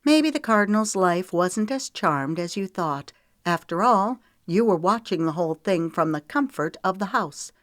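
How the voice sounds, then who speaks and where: Voicing a young woman who is tearful yet defiant, a female audiobook narrator delivers her lines in an emotional, pleading way at a moderate pace. Her fairly low voice is animated and raised somewhat above her natural pitch, still near an everyday voice, captured cleanly in a studio without room sound.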